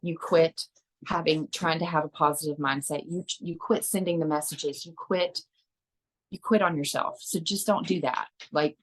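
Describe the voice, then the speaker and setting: A woman's voice: low voice, fairly even intonation, moderate pace, poor audio. A woman giving an earnest, rambling motivational talk at a team meeting, with many fillers and restarts. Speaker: team member sharing at an online meeting.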